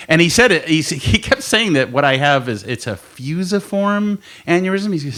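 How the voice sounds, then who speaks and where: A man's voice: a little high, big pitch swings, moderate pace, pushed and bright. A man co-hosting a podcast in a studio, telling a long story in casual chat, swearing and laughing as he goes. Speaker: podcast co-host. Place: recording studio.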